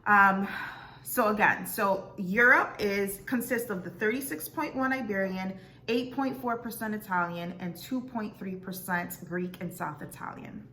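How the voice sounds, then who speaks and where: A young woman vlogger talks in a bright, chatty voice, stopping on ums and doubting her pronunciations. She reads aloud casually to her viewers, with faint noise behind her. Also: mid-range voice, a little slow. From South Florida. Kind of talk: casual vlog, reading results aloud.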